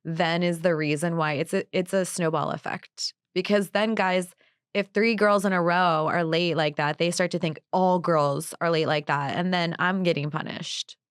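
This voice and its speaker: Young woman podcast co-host, lowish voice, blunt and animated, dry close sound. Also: normal speed, clear, resonant tone, no echo. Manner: animated, blunt storyteller who swears freely. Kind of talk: casual chat, storytelling. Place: New York.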